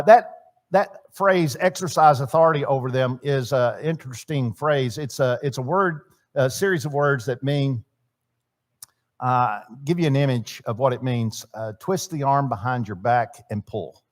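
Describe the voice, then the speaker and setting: A man teaching a church marriage seminar in a sermon style, swinging between loud emphasis and quiet asides and asking his audience questions. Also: medium pitch. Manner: chatty, asks the audience questions. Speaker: seminar speaker. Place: church hall.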